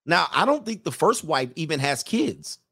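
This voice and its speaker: A male host giving joking, animated reaction commentary and laughing often. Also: on the high side, moderate pace, creaky, husky, dry recording, clean studio sound.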